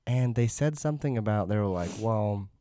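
A man hosting a podcast, chatting casually in a crude, joking, loud way. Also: medium pitch, expressive, fast, dry recording, studio quality. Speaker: podcast host. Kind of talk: casual chat.

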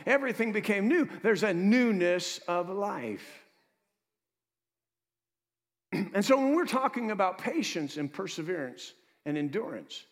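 High, lively preaching man. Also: big-room sound. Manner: lively preaching with asides to the congregation. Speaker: pastor. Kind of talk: sermon.

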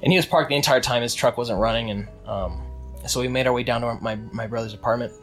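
A man's voice: mid-range voice, fast talker, fairly bright tone, soft background music. A young man casually telling a long story with many restarts, acting out what people said. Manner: rambling with restarts, acts out quotes.

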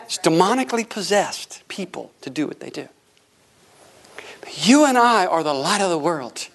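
Male pastor, middle-aged, high voice, preaching live in a church, dynamic swings from hush to shout. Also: very animated, normal speed. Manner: tells a story with quoted dialogue. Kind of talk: sermon. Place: church sanctuary before a congregation.

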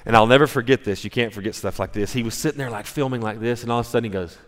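A man's voice: mid-range voice, racing. A male pastor preaching a sermon, telling stories in a conversational way with frequent restarts. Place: church sanctuary. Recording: long reverb of a church hall.

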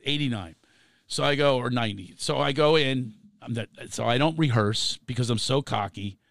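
Gravelly comedian telling a wild story. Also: male voice, mid-range voice, moderate pace, no echo, studio quality. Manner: animated, acts out voices, laughs through his lines. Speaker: comedian guest. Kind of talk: storytelling anecdote on a podcast.

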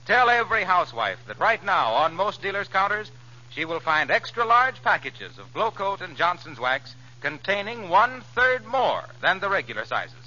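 A man's voice: high-pitched, big pitch swings, moderate pace, pushed and bright. A man, a radio announcer, reading a scripted ad with an urgent salesman delivery. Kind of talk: scripted ad read. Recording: dull lo-fi old radio recording.

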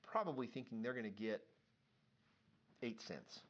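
A man's voice: mid-range voice, animated, moderate pace, a bit bright, lo-fi sound. A man co-hosting a casual scripture discussion, reading verses aloud and adding his own short remarks. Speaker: podcast co-host.

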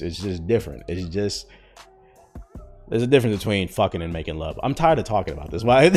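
A man around thirty talking in slangy casual chat as a podcast host, rambling with lots of fillers. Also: low-pitched. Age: 30s.

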